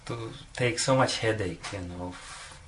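A man's voice: fairly low pitch, a little slow, fairly bright tone, a little hiss or hum. A man giving a devotional talk as a spiritual teacher, telling a story and often chuckling between phrases, with frequent "you know" fillers.

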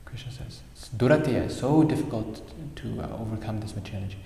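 A man with a lowish voice gives a spiritual sermon, animatedly telling a fable and dropping in Sanskrit words. He sounds roomy and distant, in a large hall with a long reverb tail and faint noise behind him. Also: fast. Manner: animated, sprinkles in Sanskrit terms. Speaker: spiritual speaker. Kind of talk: sermon with storytelling.

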